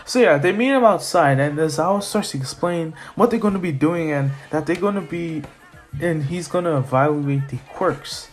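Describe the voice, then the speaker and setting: A man's voice: a little high, moderate pace, soft background music. A young man casually retelling an anime story as a fan, rambling, correcting himself and laughing at his own slips.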